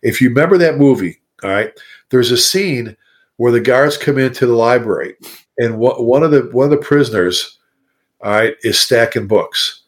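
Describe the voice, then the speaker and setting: Animated fire chief, a man talking shop. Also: medium pitch, normal speed. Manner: animated, repetitive, talks straight to listeners. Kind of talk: podcast interview talk.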